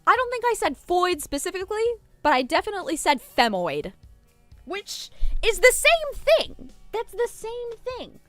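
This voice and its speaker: A woman's voice: very high-pitched, very animated, moderate pace, a bit bright, no echo, soft background music. A woman streamer rambling in casual live-stream chat, irreverent and swearing freely.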